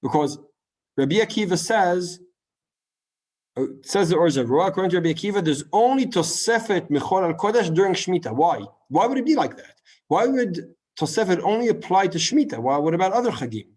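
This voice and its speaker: A man teaching a Talmud class in a lively lecture style, full of rhetorical questions and quick asides. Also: sits high, husky. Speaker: Torah teacher.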